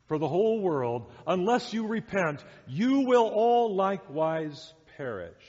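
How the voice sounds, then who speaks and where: Heard in a dull, echoey church hall, a male pastor delivers an emphatic sermon full of rhetorical questions. His voice is a little high and a little mellow.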